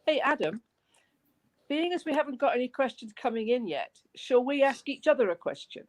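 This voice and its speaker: A woman on a live video call chats and teases her co-hosts with an easy laugh. Her voice sits a little higher than most. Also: very animated, fairly quick. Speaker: panel guest. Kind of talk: casual live stream chat.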